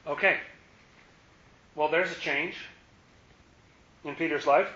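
A man's voice: a little high, slow, bright, forceful tone. A man leading a Bible study in a conversational way, repeating words and asking his listeners questions. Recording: echoey room, muffled lo-fi sound.

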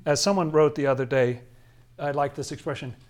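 A man's voice: on the high side, fairly even intonation, a little fast. A man leading a Bible study, commenting on scripture in a casual, chatty way with frequent chuckles and emphatic asides.

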